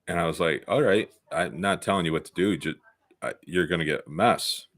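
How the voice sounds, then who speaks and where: A man's voice: sits low, a little fast, fairly bright tone. A middle-aged man, a concert photographer co-hosting a music talk show, telling a story in a rambling casual way. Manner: rambling, with many fillers and restarts.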